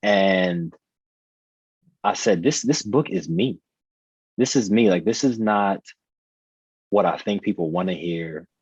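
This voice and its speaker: A deep-voiced man in his thirties speaks earnestly and reflectively, leaning on repeated phrases for emphasis. His voice is husky, and the recording is dry and slightly muffled. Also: slow, long pauses, darkish tone, dry recording. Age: 30s. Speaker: podcast guest, author. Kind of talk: personal storytelling in conversation.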